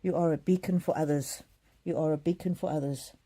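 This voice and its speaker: A middle-aged woman reads oracle cards live, her voice pitched a little low and mellow. She speaks gently and haltingly, with plenty of pauses, ums and repeated phrases as she searches for the message. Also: steady tone. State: choked up with emotion. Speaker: psychic card reader. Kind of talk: live oracle card reading.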